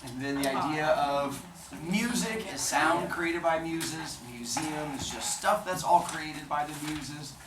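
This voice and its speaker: A man teaching a class, quizzing his students and telling a story in an animated, joking way. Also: a little high, unhurried, hardly any pauses, roomy sound, distant mic, a loud crowd, rough recording.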